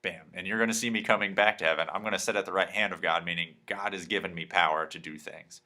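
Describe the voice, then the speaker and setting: A man's voice: deep voice, steady tone, fast talker, pushed and bright. A man teaching a Bible lesson to a youth group in a casual, conversational way, often checking in with "right?".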